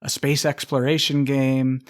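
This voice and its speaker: A man talking about his tabletop game on a podcast in a friendly, relaxed way. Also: medium pitch, a little slow. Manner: friendly, relaxed, mildly dramatic when reading. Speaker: podcast guest and game designer. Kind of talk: casual chat and reading an intro aloud.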